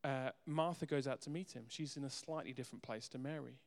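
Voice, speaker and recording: A man preaching a sermon as pastor, earnest, moving between soft quiet asides and emphatic raised lines. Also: mid-range voice, a little fast, gravelly. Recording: long hall reverb.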